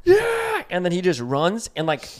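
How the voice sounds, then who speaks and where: A man's voice: on the high side, fairly quick. A man with an Australian accent reminiscing with friends, telling stories with lots of energy and acting out what others said. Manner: animated storyteller, acts out friends' voices. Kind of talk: casual chat.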